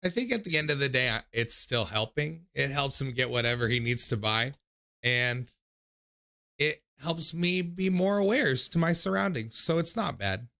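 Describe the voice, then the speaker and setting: Gravelly, bright-voiced rambling male host. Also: medium pitch, animated, normal speed. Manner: rambling, self-mocking storyteller. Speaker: call-in show host. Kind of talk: casual livestream call-in chat.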